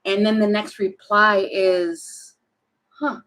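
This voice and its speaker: A woman doing a casual tarot reading, thinking aloud and animated, with many fillers and restarts. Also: mid-range voice, slow pace, rough recording. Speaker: tarot reader.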